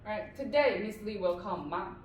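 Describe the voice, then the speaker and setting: A woman's voice: mid-range voice, animated, moderate pace, far from the mic, lo-fi sound, a little hiss or hum. A woman tutor giving a classroom-style lesson, patiently repeating each phrase and explaining it step by step. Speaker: language tutor. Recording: echoey room, voice away from mic.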